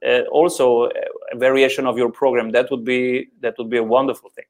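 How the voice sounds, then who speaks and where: A man's voice: mid-range voice, flat delivery. Italian-accented man hosting a podcast. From Italy. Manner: halting, repeats words while searching for phrasing. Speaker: podcast host. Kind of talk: interview conversation.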